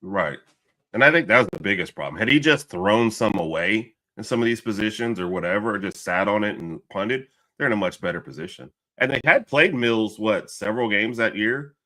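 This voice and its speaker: Low, lively male panelist. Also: fairly quick. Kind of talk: casual sports talk.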